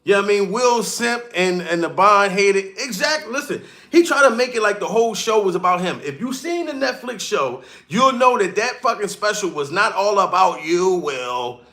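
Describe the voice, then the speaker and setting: A man's voice: high-pitched, expressive, moderate pace, hardly any pauses, pushed and bright. A comedian streamer ranting profanely and mockingly on a live stream, calling out to chat as he goes. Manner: profane, heated, mocking rant.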